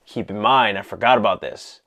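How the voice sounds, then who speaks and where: A man casually talking through a film he loved, excited and rambling, full of "you know" and "like". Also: fairly low pitch, a little fast, vocal fry. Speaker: vlogger reviewing a film. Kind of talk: casual movie talk.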